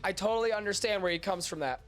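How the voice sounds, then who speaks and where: A man's voice: high-pitched, fast, fairly bright tone, soft background music. A young man hosting a podcast stream, chatting casually and crudely with his chat, his voice stuffy and nasal from allergies. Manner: crude, joking, self-mocking, swears a lot. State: congested, stuffy nose from allergies.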